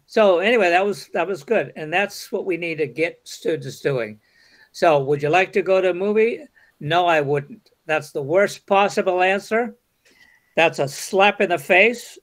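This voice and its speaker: A man's voice: high voice, a bit bright. A man leading an interactive teacher-training lecture, calling on participants and acting out hesitant replies. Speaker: workshop lecturer.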